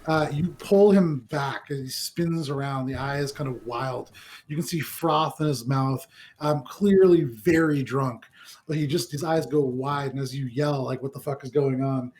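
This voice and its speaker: A man running a tabletop game as dungeon master, narrating scenes in a relaxed way with many ums and kind ofs. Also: mid-range voice, unhurried.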